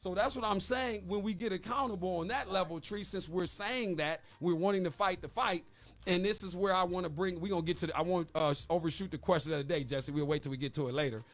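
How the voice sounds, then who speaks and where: A man's voice: high voice, fast, soft background music. A man co-hosting a morning radio talk show, arguing his point with emphatic rhetorical questions. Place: radio studio.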